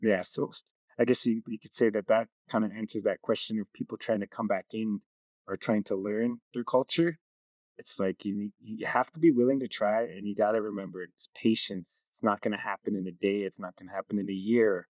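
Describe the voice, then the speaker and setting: A man's voice: on the low side, steady tone, a little fast, darkish tone, dry recording. A man, a community knowledge keeper, talking easily in an interview and telling stories. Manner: easygoing storyteller. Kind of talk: casual interview talk.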